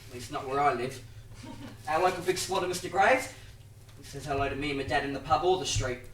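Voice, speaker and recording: An actor playing a naive young Australian country soldier with a blunt, crude way of talking, in a stage play heard from far off. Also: male voice, medium pitch, a little fast, a bit bright, close to an everyday voice. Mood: easygoing. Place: theatre stage. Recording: roomy theatre sound from far off, faint noise.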